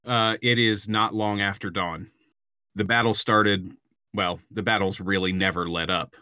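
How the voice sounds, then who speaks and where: A man's voice: lowish voice, fairly even intonation, measured pace, pushed and bright, clean tone, no room sound, clean studio sound. A man narrating a tabletop role-playing game as game master, describing scenes with frequent hesitations.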